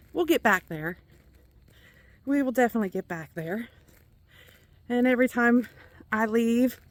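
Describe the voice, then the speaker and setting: Walking laps outdoors through her neighborhood, a middle-aged Kentucky-accented vlogger talks casually with viewers while breathless. She has a mid-range voice with no room sound.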